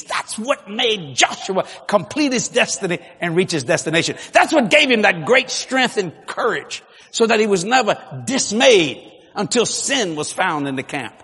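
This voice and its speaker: A man preaching a sermon with jokes, swinging from low murmurs to loud shouts. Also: big pitch swings, a little slow, slightly rough. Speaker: pastor. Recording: long hall reverb, faint ambience.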